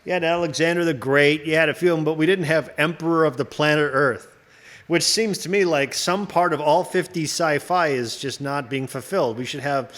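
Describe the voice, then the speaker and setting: A man's voice: on the high side, brisk, fairly bright tone. A man hosting a casual chat, riffing in a rambling, profane way and laughing often. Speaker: host.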